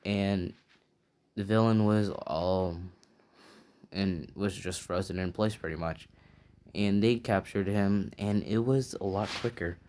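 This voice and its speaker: A man's voice: lowish voice, takes it slowly, a little mellow. A man improvising a fan-made story, rambling casually with many fillers and restarts. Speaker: channel host telling a fan story.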